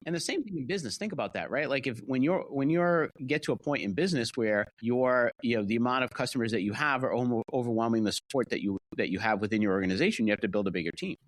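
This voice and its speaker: Older fire-captain type with a Rhode Island–Massachusetts accent; loose, restart-heavy storytelling, dry and close. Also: male voice, mid-range voice, fast talker, few pauses, no echo. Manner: rambling, many restarts and "you know". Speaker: guest, fire captain and author. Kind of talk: casual interview storytelling.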